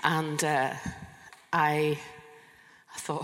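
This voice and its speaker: A woman's voice: deep voice, fairly even intonation, moderate pace, fairly bright tone. Earnest woman preaching in a big reverberant hall. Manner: conversational and earnest, with frequent restarts. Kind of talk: sermon with personal testimony. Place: church hall, live congregation. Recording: long reverb of a large hall.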